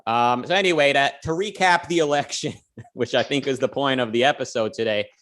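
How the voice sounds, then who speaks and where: A man's voice: medium pitch, brisk, fairly bright tone. A man co-hosting a casual livestream, talking loosely and joking, with plenty of fillers and restarts. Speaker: co-host.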